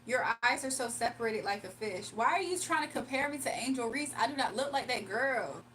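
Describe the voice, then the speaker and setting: A woman's voice: on the high side, expressive, fairly quick, fairly bright tone, far from the mic, a little hiss or hum, low-quality recording. A young woman with a Southern accent, chatting casually on a livestream as she reads out comments and laughs often. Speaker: livestreamer and spiritual reader. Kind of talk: casual livestream chat, reading comments aloud. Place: home room.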